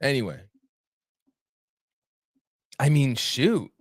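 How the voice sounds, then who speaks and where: A man's voice: mid-range voice, big pitch swings, slow pace, long pauses, dry recording, studio quality. A man hosting a live show alone, chatting casually and reading out viewer comments in a rambling, friendly way. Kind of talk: casual livestream chat.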